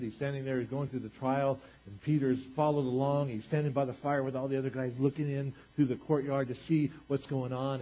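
A man preaching a sermon, retelling a scripture story in casual everyday paraphrase, swinging between loud emphasis and quiet asides. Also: medium pitch, slightly rough, highs cut off. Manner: conversational, retells scripture in casual paraphrase, varies loudness widely. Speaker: pastor.

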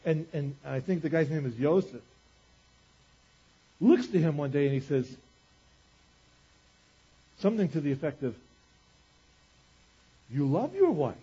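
A man's voice: on the high side, moderate pace, pauses often, warm tone, slightly rough, highs cut off. A man preaching a sermon to a congregation in a church, talking in a conversational way with lots of "you know" asides, asking the room questions and teasing them. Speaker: pastor.

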